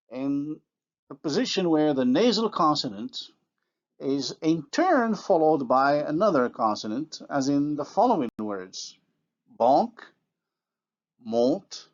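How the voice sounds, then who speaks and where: With a fairly high, sing-song voice, this man gives a linguistics lecture, moving slowly and deliberately as he carefully sounds out every example word. The recording sounds dull and lo-fi.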